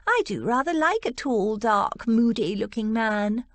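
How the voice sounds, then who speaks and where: A woman voicing a placid, cheerful elderly spinster aunt in an audiobook, gentle and chatty. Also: on the high side, lively intonation, unhurried, no room sound.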